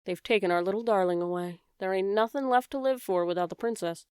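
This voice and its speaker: A ferocious castle cook from a storybook, wailing and melodramatic in her grief, as a woman reader puts her on. The voice is smooth and clear. The sound is close and dry. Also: mid-range voice, fast talker, darkish tone, dry recording, close to an everyday voice. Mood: grief-stricken. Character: grieving, ferocious middle-aged woman cook.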